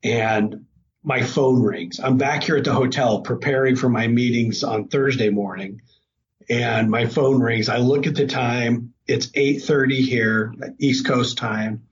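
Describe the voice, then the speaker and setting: A middle-aged man telling a hunting story casually, breaking into animated, excited quotes. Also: medium pitch, measured pace, lo-fi sound, a little hiss or hum. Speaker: hunting guest.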